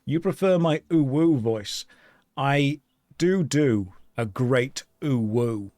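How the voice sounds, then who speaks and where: Slow and mid-pitched, this man talks casually to his audience while live-streaming an online game. He reads out viewer messages and jokes in a dry, deadpan way, with no echo on the recording.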